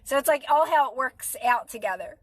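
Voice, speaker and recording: An adult woman with a Philadelphia accent, a mother and manifestation coach, chats on a livestream in a high, expressive voice at a brisk pace. She reassures viewers and answers their comments by name. There is no echo.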